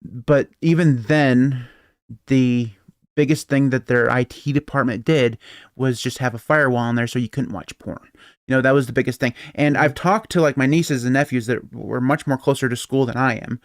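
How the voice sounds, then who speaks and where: In a casual tech chat, this man co-hosts a podcast, rambling loosely and chuckling frequently between points. He speaks at medium pitch and normal speed in a steady tone, with clean studio audio and no room sound.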